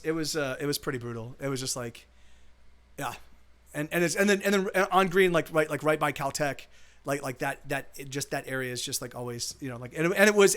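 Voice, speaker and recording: A man's voice: a little high, a bit bright. A man who is a musician chatting casually between songs on his live stream, telling a rambling, profane story. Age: adult.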